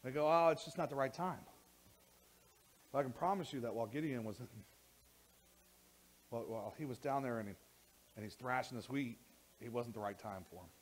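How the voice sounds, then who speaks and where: A male pastor delivers a sermon in a church, moving from conversational passages to loud, emphatic bursts. His speech is full of restarts and repeated words, and his pitch sits in the middle. A faint hum of noise is heard behind him. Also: a little fast, pauses often, rough recording. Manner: animated, rising to near shouting when worked up.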